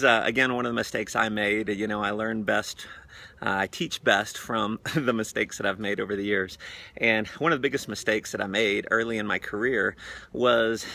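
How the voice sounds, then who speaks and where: A man, slightly out of breath, giving an energetic motivational talk outdoors by a pool. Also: on the low side, gravelly. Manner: energetic storyteller, animated voices. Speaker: network marketing trainer.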